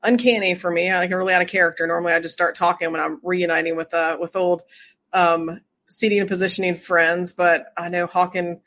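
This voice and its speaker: A woman's voice: lowish voice, fairly even intonation, brisk, a bit bright, slight background noise. A woman hosting an interview podcast, chatting with a returning guest and laughing often. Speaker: podcast host. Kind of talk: casual interview chat.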